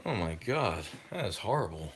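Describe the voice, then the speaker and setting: A man's voice: low-pitched, sing-song, normal speed, slight background noise. A man streaming live, talking with chat in a heated, profane rant about football.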